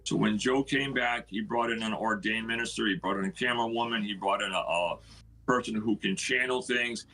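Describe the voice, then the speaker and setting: A man's voice: on the low side, fairly quick. A middle-aged man, a homeowner, casually telling his story and acting out what other people said. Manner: animated, retells others' words with "he goes".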